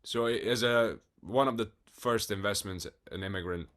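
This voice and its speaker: A man's voice: on the low side, normal speed, a bit bright. A man hosting an interview, adding short agreeing interjections. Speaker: podcast host. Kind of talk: interview conversation.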